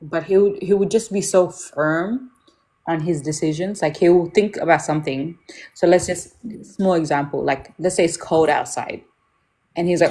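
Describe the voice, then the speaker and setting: Young woman, fairly low voice, candid storyteller, casual parenting chat. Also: moderate pace, a little mellow. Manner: candid, storytelling, acts out quotes. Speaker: mother talking about parenting.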